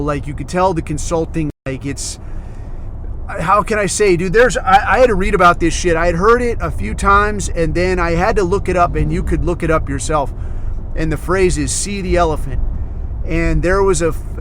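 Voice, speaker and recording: A man's voice: on the high side, fairly bright tone, a little hiss or hum. A man hosting his own podcast, telling a long rambling story full of swearing and fillers. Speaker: podcast host. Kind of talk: casual rambling monologue.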